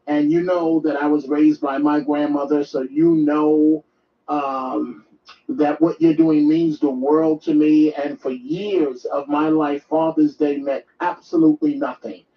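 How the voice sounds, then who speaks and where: A man's voice: fairly high pitch, steady tone, unhurried. Earnest male talk host in a roomy space. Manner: earnest, reflective, warmly thanks callers. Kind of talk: live call-in talk show. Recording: roomy distant dull mic.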